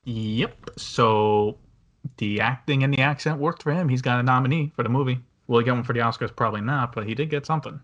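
A man's voice: medium pitch, a little fast, fairly bright tone, dull audio. A man hosting a casual movie review podcast, talking in a rambling way with many fillers and restarts. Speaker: podcast host.

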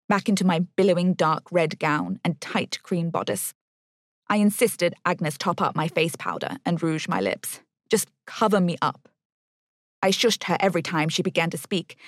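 Woman reading a novel, low and dry. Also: big pitch swings, moderate pace, no echo. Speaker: narrator. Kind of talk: first-person novel reading.

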